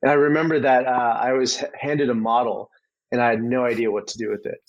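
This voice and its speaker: A man in his twenties from Arizona, a venture capital guest in a casual interview, talking in a relaxed way with many fillers and hedges. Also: mid-range voice, brisk, lo-fi sound. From Arizona, USA. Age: 20s.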